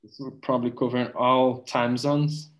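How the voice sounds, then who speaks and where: A man moderating an online webinar over a video call, unhurried as he reads out audience chat and hands over to a speaker. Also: mid-range voice, level tone, low-quality recording.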